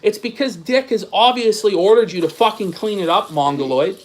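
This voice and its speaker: High-pitched profane ranting man. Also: brisk, a little mellow. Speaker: streamer host. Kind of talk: angry commentary reading posts aloud.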